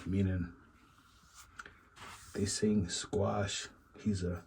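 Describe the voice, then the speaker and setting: Low-voiced man musing rambly commentary. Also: fairly even intonation, measured pace, warm tone, husky, low-quality recording. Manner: rambling, repeats stock phrases, musing asides. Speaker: commentary channel host. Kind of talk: casual reaction commentary.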